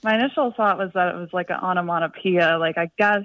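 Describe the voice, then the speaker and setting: A woman's voice: on the low side, fast talker, no room sound. A woman calling into a radio show, telling a story in a chatty way full of fillers. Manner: chatty, lots of likes and fillers. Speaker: caller. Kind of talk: phone-in chat. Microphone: telephone. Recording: tinny distant phone line.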